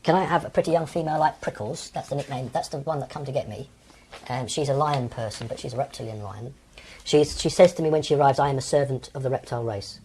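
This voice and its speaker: A man's voice: medium pitch, quick pace, darkish tone, a little hiss or hum. A man in his sixties from England, an interview guest recounting personal experiences in a hesitant way, with frequent ums and restarts. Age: 60s.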